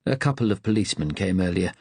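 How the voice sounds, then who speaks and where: A man's voice: deep voice, animated, quick pace, darkish tone, slightly rough, no room sound. A man voicing an elderly male asylum porter who chats comfortably and relishes grim stories. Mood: gossipy.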